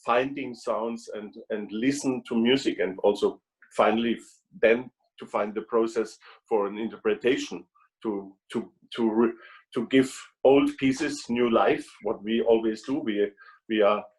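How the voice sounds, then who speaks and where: Halting man on a video call. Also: fairly low pitch, steady tone, a little mellow, low-quality recording. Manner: halting, frequent restarts and repetitions. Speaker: guest trumpeter. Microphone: video call microphone.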